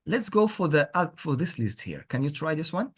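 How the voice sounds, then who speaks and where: A man's voice: on the high side, big pitch swings, a little fast, fairly bright tone, breathy edge. A man teaching an online English lesson, encouraging and repeating words with frequent praise. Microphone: computer mic on a video call.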